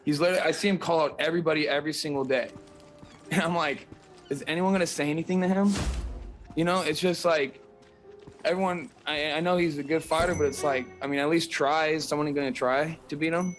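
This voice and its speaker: A young man with a Northern California accent, a fighter being interviewed, talking in a relaxed, slangy way with lots of fillers. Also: fairly high pitch, fast talker, faint music behind, poor audio. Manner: laid-back, slangy, rambling with fillers. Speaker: fighter, guest. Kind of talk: casual interview.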